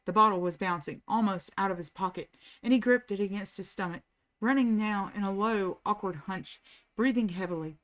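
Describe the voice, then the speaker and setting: A woman reading a novel aloud at a steady, unhurried pace, as the host of a reading channel. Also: mid-range voice.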